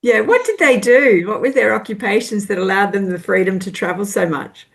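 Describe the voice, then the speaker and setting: A woman's voice: mid-range voice, lively intonation, a little fast, creaky. A woman co-hosting an interview, encouraging and admiring her guest, laughing along. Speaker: co-host. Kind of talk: casual interview chat.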